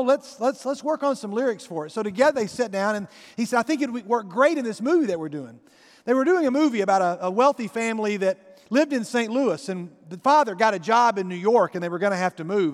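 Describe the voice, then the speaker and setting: A man with a notably high voice tells a story from the pulpit. He talks to his congregation in a chatty, conversational way. His voice rings out with a long reverb. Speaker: pastor. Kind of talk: sermon storytelling.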